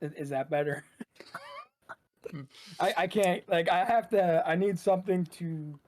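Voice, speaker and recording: A man chatting casually as a podcast guest, talking loosely and rambling with lots of "like". His voice sits a little high for a man. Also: a little slow, a little mellow. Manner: loose, rambling, heavy use of "like". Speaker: esports shoutcaster and guest.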